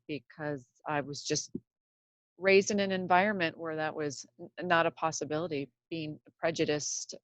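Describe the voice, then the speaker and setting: A woman's voice: on the low side, no room sound, highs cut off. A woman in her fifties from Seattle, hosting a casual podcast monologue from her home closet in a chatty, rambling, self-deprecating way. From Seattle, USA. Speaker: podcast host.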